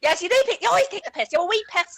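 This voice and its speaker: A woman's voice: very high-pitched, animated, rapid-fire, fairly bright tone, voice pushed up, heavily acted. A woman putting on a broad Belfast accent to play a rowdy local bragging about a night out with the lads, repeating herself boisterously. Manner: exaggerated, repetitive, boisterous.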